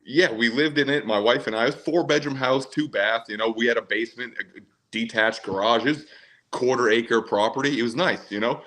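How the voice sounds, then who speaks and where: A man's voice: mid-range voice, fairly quick, a bit bright, poor audio. A man from Maine calling in to a podcast, chatting in an easygoing, rambling way. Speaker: caller. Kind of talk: casual call-in chat.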